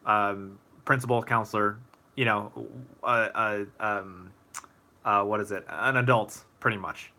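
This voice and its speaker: A young man hosting a casual live Q&A stream, answering viewer questions in a relaxed, thoughtful way with many fillers and restarts. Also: mid-range voice.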